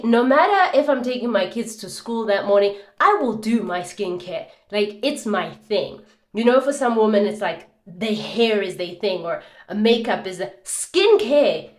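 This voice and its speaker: A woman in her thirties chatting casually at home as a beauty vlogger, telling stories in an animated, laughing, dramatic way. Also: mid-range voice. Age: 30s. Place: indoors at home. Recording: roomy echo.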